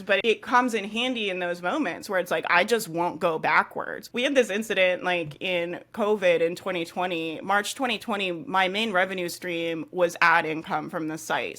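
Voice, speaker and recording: A woman's voice: on the low side, fairly bright tone. Candid, emphatic young woman guest. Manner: emphatic, candid, swears casually, uses many fillers. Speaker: interview guest, entrepreneur. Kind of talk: casual podcast interview.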